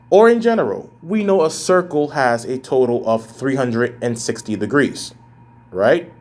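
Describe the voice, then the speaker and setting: A man teaching a math lesson as a professor in a recorded lecture, casual and plain-spoken, addressing students as guys and thinking aloud as he works through calculations. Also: mid-range voice.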